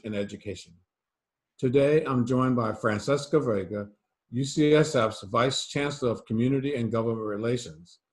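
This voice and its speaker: A man, a medical school dean hosting the show, reading prepared introductions and questions smoothly. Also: medium pitch. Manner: reads prepared lines smoothly. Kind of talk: scripted interview questions.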